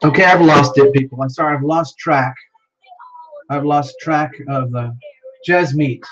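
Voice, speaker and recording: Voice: medium pitch, a little slow, dull audio. A live-stream host in casual chat, greeting viewers by name with frequent exclamations and scrambling to keep up with the chat. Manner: excitable, many exclamations, reads viewer names aloud while scrambling to keep up. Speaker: livestream host.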